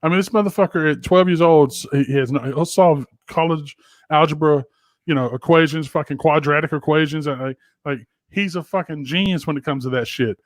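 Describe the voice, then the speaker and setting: Profane, animated man telling stories. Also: on the high side, brisk, no echo. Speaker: podcast co-host. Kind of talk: casual chat. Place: home office.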